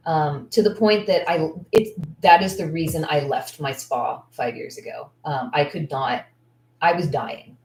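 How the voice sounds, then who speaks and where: A woman's voice: sits low, unhurried, darkish tone, a little hiss or hum. A woman in her thirties, an esthetician coaching others, talking casually and candidly, thinking aloud with lots of fillers. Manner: candid and heartfelt. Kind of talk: casual Q&A talk. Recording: echoey room, distant mic.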